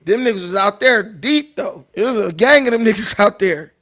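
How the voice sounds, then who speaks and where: A man with a strikingly high voice and a gravelly edge tells stories in a loose, profane, joking way. He from Long Beach and talks like a livestream host. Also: animated, moderate pace, fairly bright tone. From Long Beach, California. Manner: loose, profane, laughing storyteller. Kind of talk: casual storytelling.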